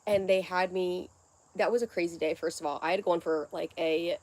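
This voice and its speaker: A woman's voice: lowish voice, steady tone, brisk, a little mellow. A young adult woman hosting a casual livestream at home, rambling from one topic to the next in a scattered way. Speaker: livestream host.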